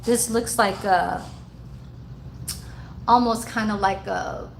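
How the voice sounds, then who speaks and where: A woman's voice: medium pitch, steady tone, slow, creaky, a little hiss or hum, rough recording. A woman who works in a care-home kitchen, chatting loosely and rambling, with plenty of cussing. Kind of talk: casual vlog chat.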